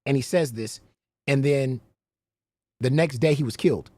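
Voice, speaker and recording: A man's voice: mid-range voice, moderate pace, warm tone, no room sound. A man hosting a casual livestream, rambling, swearing freely and breaking into laughter often. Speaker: livestream host.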